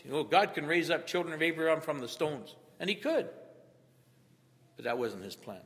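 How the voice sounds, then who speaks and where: A middle-aged man preaching a sermon as pastor, rising to loud emphatic peaks in an echoing church hall. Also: on the high side, animated, fairly quick. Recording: long hall reverb.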